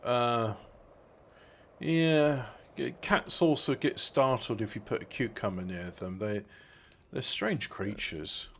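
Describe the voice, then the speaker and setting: A man's voice: mid-range voice, takes it slowly, a bit bright, slight background noise. A man, co-hosting a casual chat podcast, rambling with frequent restarts and fillers. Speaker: podcast co-host.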